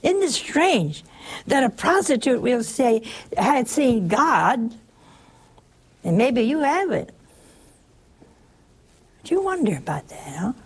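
A woman's voice: on the high side, very animated, slow pace, long pauses, breathy edge. A woman giving a conversational sermon in a folksy way, often turning to the listeners with rhetorical questions. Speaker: preacher.

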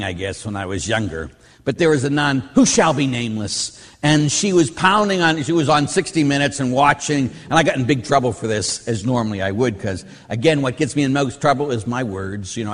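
A man who is a Catholic priest, giving an animated teaching talk on faith and telling stories with mimicked voices. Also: mid-range voice. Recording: long hall reverb.

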